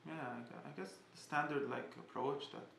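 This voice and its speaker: A man giving a casual spoken class, halting and often restarting as he searches for words. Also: mid-range voice, fairly even intonation, vocal fry, fairly bright tone, reverberant, slight background noise. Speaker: teacher.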